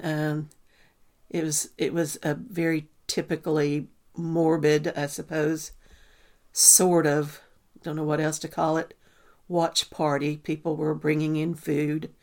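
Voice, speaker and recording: Flat-voiced mother, halting. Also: low voice. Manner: halting, full of ums and restarts. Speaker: mother recounting a family loss. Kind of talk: personal testimony.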